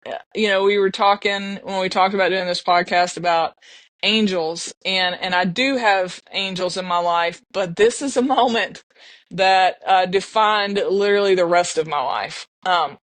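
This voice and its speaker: A woman's voice: medium pitch, moderate pace, a bit bright, no room sound. A middle-aged woman, telling a personal story earnestly on a podcast. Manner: earnest, emotional, with restarts and laughs. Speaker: podcast guest. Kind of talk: casual storytelling.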